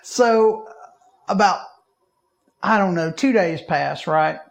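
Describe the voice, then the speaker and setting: A man's voice: high-pitched, slow, gravelly. A man, co-hosting a podcast and telling a story in casual chat, acting out the people he quotes. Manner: animated, acts out quoted people in raised voices. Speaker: podcast co-host.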